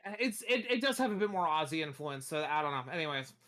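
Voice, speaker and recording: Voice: medium pitch, big pitch swings, fast talker, a bit bright. A streamer from the United States in casual livestream chat, rambling, restarting sentences and swearing freely.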